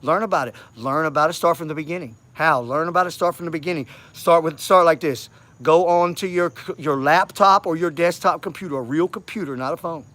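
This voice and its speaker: A man's voice: fairly high pitch, a little fast, fairly bright tone. A man talking in a rambling, repetitive monologue that grows urgent and insistent. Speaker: vlogger. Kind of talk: casual monologue to camera.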